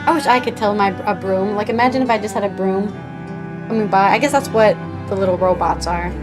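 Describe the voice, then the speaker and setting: A woman's voice: mid-range voice, fairly quick, low-quality recording. A young woman streaming a game, chatting casually and reacting with giggles. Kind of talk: casual live-stream commentary. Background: game music.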